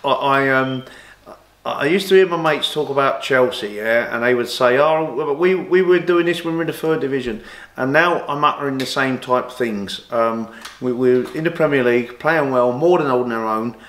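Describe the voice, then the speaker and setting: A man spins long football anecdotes in an easygoing interview, stumbling over restarts and livening up whenever he acts out what others said. His voice sits at a middle pitch and carries a noticeable room echo. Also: moderate pace. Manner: rambling anecdotes with many restarts, animated when quoting others. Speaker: interview guest, former boxer and golfer. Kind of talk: casual storytelling interview.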